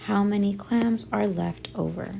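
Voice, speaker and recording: A woman teacher working through division word problems step by step, thinking aloud and often dropping to a soft near-whisper. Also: mid-range voice, a little slow, creaky, background noise. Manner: thinks aloud step by step, often softly under her breath. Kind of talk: math lesson walkthrough.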